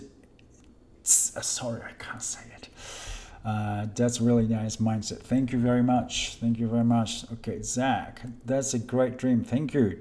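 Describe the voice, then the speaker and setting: A man chatting casually on a live stream as a kendo instructor, reading viewer comments with a halting, polite manner. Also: mid-range voice, dark tone. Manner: hesitant, halting, many restarts while reading names; polite, thanks viewers often.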